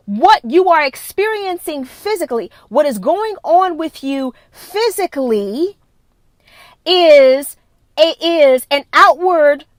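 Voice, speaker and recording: A high-pitched woman speaks as a wellness coach on a live stream, recorded close on her phone. The sound is dry and intimate, with no echo from the room. She talks in an emphatic, preachy way and repeats herself to drive each point home. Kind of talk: live-streamed motivational talk.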